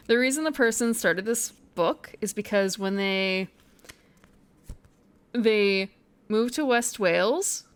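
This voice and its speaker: A woman's voice: medium pitch, fairly bright tone, clear, resonant tone. A woman streamer chatting casually on a live stream, thinking aloud, muttering to herself and sounding out foreign phrases.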